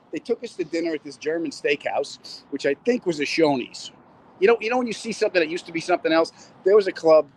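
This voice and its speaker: A man's voice: on the high side, low-quality recording. A middle-aged man, a comedian, chatting casually and cracking jokes while he walks city streets, talking into a phone and reading out viewer comments. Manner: rambling, wisecracking, reads out viewer comments. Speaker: comedian hosting a live stream. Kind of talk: casual chat while walking. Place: walking city streets outdoors.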